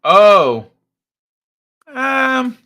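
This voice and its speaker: A man's voice: very high voice, very animated, drawn-out words, pushed and bright, smooth. A man hosting a casual late-night livestream, laid-back and chuckling as he reads the chat aloud. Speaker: livestream host.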